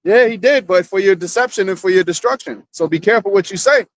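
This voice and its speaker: A man's voice: high voice, quick pace, dry recording. A man in a casual religious discussion who speaks fervently, rebuking people with rhetorical questions.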